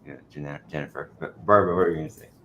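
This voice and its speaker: A man's voice: very deep voice, very fast, pushed and bright, muffled recording, slight background noise. A man hosting a panel discussion, playful and chatty, slipping into silly voices when he tells a story. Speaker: panel host.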